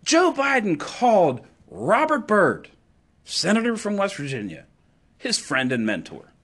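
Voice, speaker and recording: A man delivering an impassioned political monologue, emphatic and sarcastic, swinging between loud declarations and low asides. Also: wildly swooping pitch, unhurried, husky. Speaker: political commentator.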